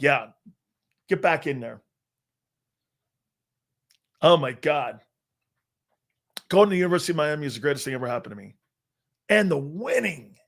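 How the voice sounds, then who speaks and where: A man in his fifties hosting a sports talk show, telling brash, boastful stories full of restarts and acted-out quotes. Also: high-pitched. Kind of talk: casual sports talk storytelling.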